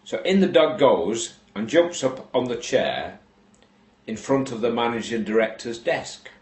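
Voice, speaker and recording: A man slowly telling a shaggy-dog joke, unhurried and deadpan with long pauses. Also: mid-range voice, echoey room. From England. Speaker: joke teller.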